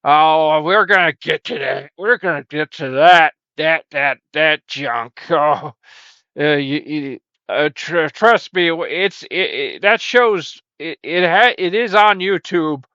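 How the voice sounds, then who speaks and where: A man's voice: on the high side, slow, sharp tone, clear, resonant tone, no room sound. A man hosting a comedic skit monologue, stammering and quoting his viewers in mock voices, on a dull lo-fi recording. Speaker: host.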